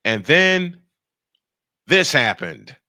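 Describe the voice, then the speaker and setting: A man hosting a radio show, telling a funny story in casual chat, animated and laughing often. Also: on the high side, gravelly, no echo, clean studio sound. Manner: animated, laughing, quick bursts of speech. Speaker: radio and podcast host.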